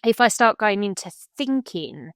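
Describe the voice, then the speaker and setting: A woman's voice: medium pitch, animated, moderate pace, fairly bright tone, dry recording, studio quality. A woman speaking as a podcast guest in a frank, blunt, matter-of-fact way. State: widowed, remarried. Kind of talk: frank conversational podcast talk.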